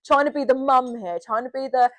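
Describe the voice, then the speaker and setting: A young woman co-hosting a podcast, telling a story in an animated, sweary, casual way. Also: sits high, a little fast. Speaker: podcast co-host. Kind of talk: casual chat.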